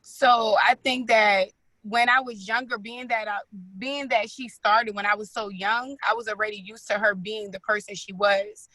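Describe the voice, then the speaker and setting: Woman podcast guest, reflective and measured, bright voice, dry recording. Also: medium pitch, no room sound, low-quality recording. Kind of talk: reflective personal account.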